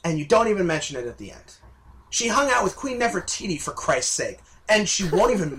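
High bright-voiced man ranting on a podcast. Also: very animated, a little fast. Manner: heated, ranting, swears freely. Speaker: podcast co-host. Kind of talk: casual podcast chat.

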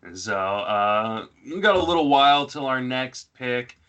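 Bright-voiced man musing through a draft. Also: mid-range voice, animated, a little slow, clear, resonant tone. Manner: rambling, thinking aloud with many fillers. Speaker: fantasy baseball podcast host. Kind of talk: casual live draft commentary.

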